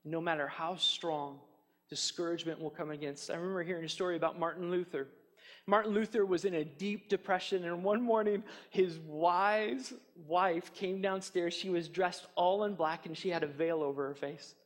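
A man's voice: high-pitched, steady tone, normal speed, big-room sound. A man preaching a sermon as pastor, chatty, with rhetorical questions and fillers like "you know". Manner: frequent fillers like "kind of a thing".

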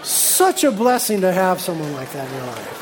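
A middle-aged male pastor preaching a sermon, reading scripture aloud and breaking into lively asides. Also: high voice, normal speed, crowd noise, noisy background.

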